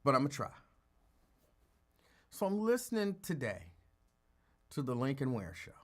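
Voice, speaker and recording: A tired man hosting a casual live talk show, greeting listeners by name and talking in a calm, rambling way. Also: mid-range voice, normal speed. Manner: calm, holding back from yelling. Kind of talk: casual live-stream chat.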